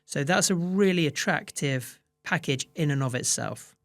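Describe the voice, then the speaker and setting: A man's voice: on the high side, normal speed, no room sound. A man, a fund manager, answering interview questions with many restarts and fillers. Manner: hesitant restarts, many "you know"s.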